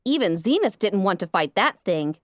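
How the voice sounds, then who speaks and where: A woman narrating a first-person fan fiction story aloud with a dramatic, expressive delivery. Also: mid-range voice, moderate pace, no room sound, clean studio sound. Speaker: audiobook narrator.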